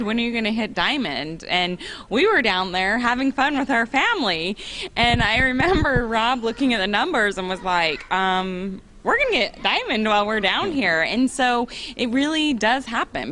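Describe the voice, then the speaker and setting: A woman's voice: on the low side, a bit bright, a little hiss or hum. Earnest woman sharing a heartfelt story. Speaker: interview guest. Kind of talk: emotional personal testimony.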